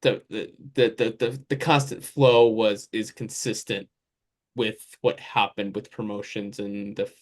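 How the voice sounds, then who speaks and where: A man's voice: lowish voice, little pitch movement, unhurried. A man hosting a casual sports podcast, talking in a loose, rambling way that drifts through lists and asides. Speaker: podcast host.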